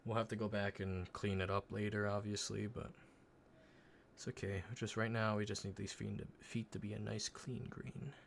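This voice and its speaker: A man streaming live and chatting casually with his viewers while he paints a miniature, swearing often and muttering quietly as he concentrates. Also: lowish voice, moderate pace, creaky, slight background noise. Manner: relaxed, swears often, talks to chat while working.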